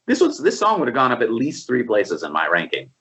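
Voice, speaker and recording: This man talks with a lively, swinging pitch at a mid-range level. He co-hosts a casual music chat and breaks down structure analytically. His delivery is relaxed but engaged. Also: brisk. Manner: analytical, lays out how he would fix the song. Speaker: podcast co-host reviewing an album.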